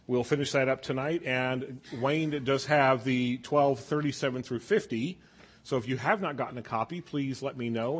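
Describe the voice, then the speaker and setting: A man's voice: mid-range voice, husky. A man leading an evening Bible study class, explaining scripture conversationally and asking the group questions. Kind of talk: casual Bible class teaching.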